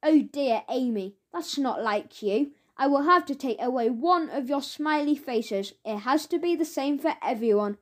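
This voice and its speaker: Woman reading as a firm male teacher in a children's story, measured and fair, fairly high voice. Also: animated. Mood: stern. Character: stern but fair male schoolteacher.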